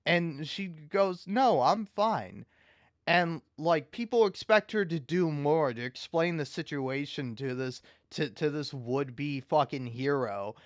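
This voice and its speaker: A man's voice: a little high, measured pace, few pauses, no room sound, clean studio sound. A man ranting in casual commentary, heated and profane, often stumbling and restarting his sentences. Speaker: video commentator.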